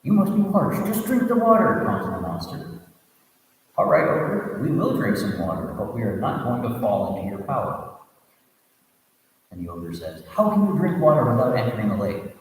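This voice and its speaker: A man, a reverend, tells a Buddhist tale as a sermon, reading aloud with asides and restarts and giving the characters lively voices. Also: on the low side, normal speed, long pauses. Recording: echoey, reverberant room audio from a distant mic.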